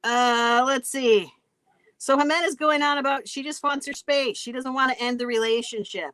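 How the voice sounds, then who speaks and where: A woman's voice: high-pitched, moderate pace, no echo. A woman co-hosting a casual livestream chat, giggling often as she recaps a show. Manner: giggly, animated. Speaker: co-host.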